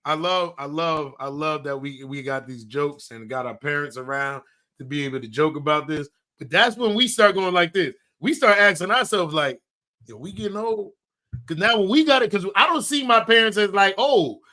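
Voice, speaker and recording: High, bright-voiced man telling stories. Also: moderate pace. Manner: excitable storyteller, acts out his mom's lines. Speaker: podcast co-host. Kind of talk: casual chat.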